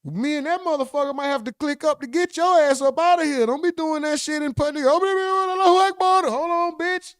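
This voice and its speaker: A man doing live reaction commentary on a stream, loud, excitable and profane. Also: very high voice, quick pace, few pauses, no room sound, studio quality.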